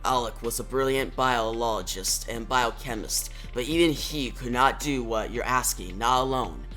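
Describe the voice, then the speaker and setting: A comic reviewer reading the lines of an ancient, gentle swamp creature in a deep, slow, grave way. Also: faint music behind, close to an everyday voice. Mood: solemn.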